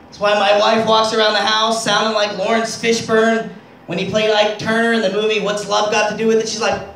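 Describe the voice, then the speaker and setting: A man's voice: sits high, completely flat delivery, fairly quick, gravelly, fairly bright tone, a little hiss or hum. A man doing crude, self-deprecating stand-up comedy on a club stage. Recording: roomy club sound from far off.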